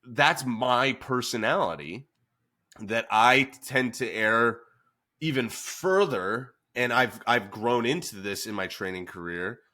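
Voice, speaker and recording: A man, a fitness coach and podcast host, talking in a calm, even-keeled way with many fillers. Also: mid-range voice, slow pace. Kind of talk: casual podcast chat.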